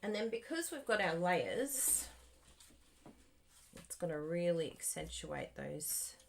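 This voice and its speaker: Lively, unhurried woman crafter. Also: on the low side, vocal fry, slight background noise. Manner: chatty, thinking aloud while working; talks to viewers directly. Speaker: crafting demonstrator. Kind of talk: live card-making demonstration.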